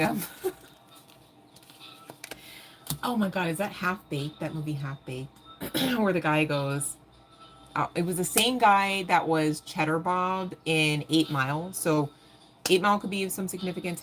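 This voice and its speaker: A woman giving a live tarot reading in a casual, animated way, swearing freely and laughing often. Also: low-pitched, slight background noise. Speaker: tarot reader.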